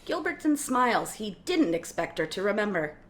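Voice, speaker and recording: A woman reading a screenplay's stage directions aloud in a play reading, with an expressive delivery. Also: mid-range voice, moderate pace.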